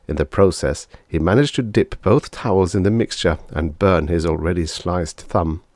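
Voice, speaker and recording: A man reads a vintage science fiction tale in a lowish voice that rises and falls freely. His storytelling is dry and even-handed. The recording is close and dead, with no room sound. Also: no echo. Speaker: audiobook reader.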